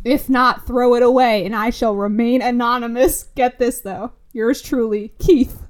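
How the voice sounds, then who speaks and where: Animated laughing woman telling a story. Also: fairly high pitch, a little slow. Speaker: podcast co-host. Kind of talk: casual chat.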